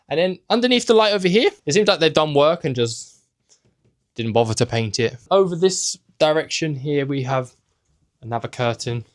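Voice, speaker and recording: A young man with a slightly high voice gives a chatty walk-through of a small indoor hotel room. He cracks offhand jokes as he goes and sounds like he is holding the camera himself. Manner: chatty and joking, with offhand asides. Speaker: travel vlogger and host. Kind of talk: casual hotel room tour.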